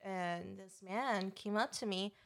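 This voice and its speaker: A young woman with a mid-pitched voice tells work stories on a casual podcast. Her delivery stays plain and matter-of-fact, with small restarts. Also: slow pace, gravelly. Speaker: podcast co-host. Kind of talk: casual chat.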